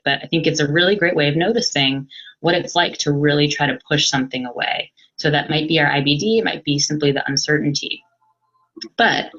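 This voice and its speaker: A woman psychologist giving an educational webinar talk in a calm, explanatory way, pausing often as she thinks. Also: deep voice, dull audio. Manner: calm, explanatory, hesitant with pauses. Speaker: psychologist presenter. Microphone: computer mic on a video webinar.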